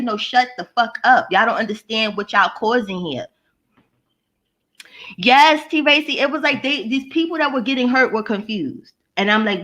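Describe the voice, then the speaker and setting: A woman's voice: mid-range voice, normal speed, a bit bright. A woman vlogger ranting casually to her live chat, profane and mocking, answering viewers by name.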